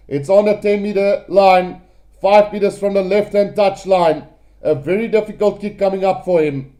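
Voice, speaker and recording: Excitable high-voiced man calling rugby live. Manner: excitable, calls play-by-play to viewers as "guys". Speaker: live match commentator.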